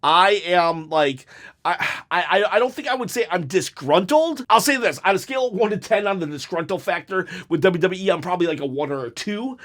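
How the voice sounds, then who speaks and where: A man's voice: high-pitched, expressive, normal speed, fairly bright tone. A man hosting a casual show, reading out viewer comments and answering them in a rambling, self-correcting way with frequent laughs. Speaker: host reading viewer hot takes. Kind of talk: casual chat.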